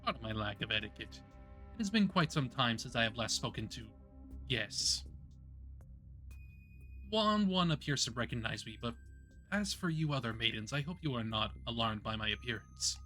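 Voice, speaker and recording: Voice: mid-range voice, lively intonation, normal speed, long pauses, bright, forceful tone, faint music behind. A game streamer voicing a polite, old-fashioned male zombie mastermind while reading a visual novel aloud. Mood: courtly.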